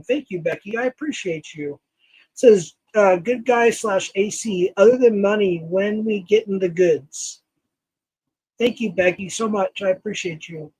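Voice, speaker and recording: A man's voice: high voice, husky, no room sound, low-quality recording. A man hosting a casual livestream chat, rambling and thankful, with frequent fillers and laughs. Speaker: livestream host.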